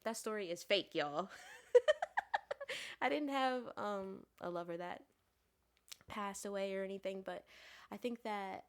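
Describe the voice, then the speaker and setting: A woman poet, a podcast guest, casually explaining her poems in a relaxed, halting way with many fillers. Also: mid-range voice, clear, resonant tone.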